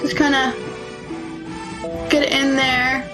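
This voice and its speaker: High-voiced woman giving a makeup tutorial. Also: takes it slowly, music in the background. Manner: relaxed step-by-step instruction.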